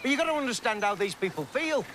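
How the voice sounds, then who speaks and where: An actor playing a local lawman who speaks in a calm, earnest tone. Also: extremely high pitch, quick pace, full character voice, rough recording. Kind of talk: film acting. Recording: outdoor film audio with clear noise.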